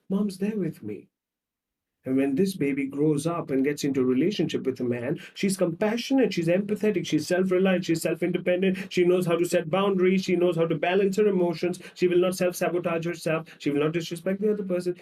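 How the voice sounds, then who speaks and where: A male psychologist explaining ideas through animated storytelling and repetitive lists, acting out short scenes. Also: mid-range voice, recorded from a distance. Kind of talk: explaining with acted examples.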